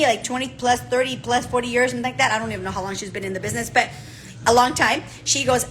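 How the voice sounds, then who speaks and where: Woman coach, high bright voice, direct and animated, keeps saying okay?. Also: a little hiss or hum, poor audio. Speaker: business coach. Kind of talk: motivational talk to a group.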